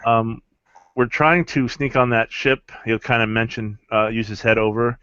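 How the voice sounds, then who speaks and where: A man playing a tabletop game, haltingly describing what his character does. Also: mid-range voice, steady tone, bright, forceful tone, smooth, dry recording. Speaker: player. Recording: dry, dull lo-fi recording.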